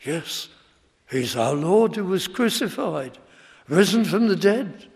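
A man's voice: high voice, very animated, slow pace, creaky. A man preaching a sermon, emphatic and building in intensity as he speaks. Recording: long reverb of a large hall.

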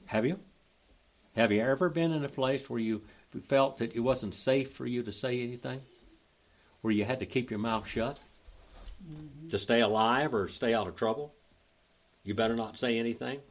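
Folksy older Oklahoma man teaching. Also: mid-range voice. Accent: Oklahoma Southern. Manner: folksy, drawling, spells out grammar slowly. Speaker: Bible teacher. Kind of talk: teaching a Greek Bible study.

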